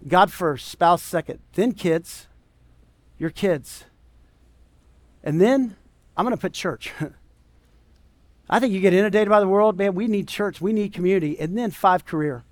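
A man's voice: sits high, a little slow, long pauses, dry recording. A man preaching a sermon as pastor, conversational and emphatic, full of rhetorical questions.

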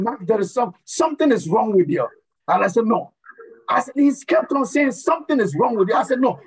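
A man preaching a sermon, emphatic and building to shouts, telling a personal story between scripture readings. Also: high-pitched, slightly rough, rough recording. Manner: emphatic, rises to shouting at times.

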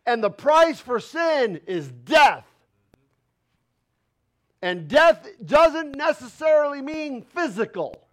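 In a church sanctuary, a male pastor delivers a passionate sermon, posing rhetorical questions in casual, folksy language before building to loud, emphatic declarations. His voice is very high and sing-song, and he speaks slowly with long pauses.

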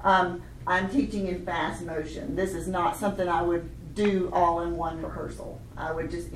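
A woman's voice: mid-range voice, a little hiss or hum. A woman leading a children's music workshop for adults, chatty and upbeat, laughing often. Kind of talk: teaching a hands-on workshop. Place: meeting room at a conference session. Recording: roomy hall recorded from a distance. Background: group echoing chants.

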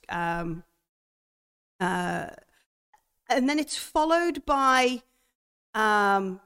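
A young woman narrating a tabletop horror game as game master, hesitant with many pauses and restarts. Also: medium pitch, fairly bright tone, clear, resonant tone.

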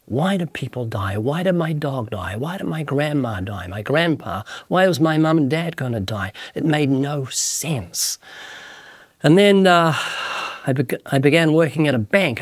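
A man's voice: mid-range voice, no room sound, studio quality. Older New Zealand man, reflective storyteller. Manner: reflective storyteller, slow and measured. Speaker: evangelist. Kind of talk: personal testimony. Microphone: studio mic.

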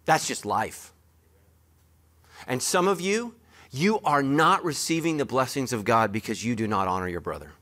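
A man's voice: medium pitch, expressive, moderate pace, a bit bright. A man preaching a sermon as pastor, speaking straight to his congregation with emphatic, joking asides.

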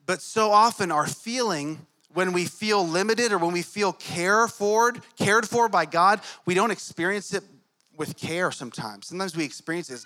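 A pastor in his thirties delivers a sermon in a bright, slightly tense voice pitched a bit high for a man. He talks in a relaxed, conversational way and keeps circling back to everyday stories from home. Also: moderate pace. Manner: conversational, tells family stories.

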